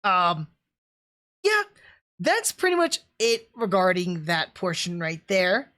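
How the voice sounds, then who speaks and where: A young woman talking through an anime review on a livestream, excited and chatty, with lots of fillers and restarts. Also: on the low side, slow.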